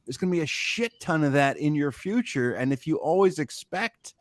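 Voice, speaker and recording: A middle-aged man chatting as a guest, talking about his daughter in a measured, reflective way. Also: fairly high pitch, animated, no room sound, clean studio sound. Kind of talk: casual chat.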